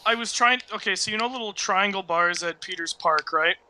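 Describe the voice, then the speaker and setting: A young man telling childhood stories in casual chat, animated, laughing and swearing often. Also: high voice, fairly quick, a little hiss or hum, poor audio.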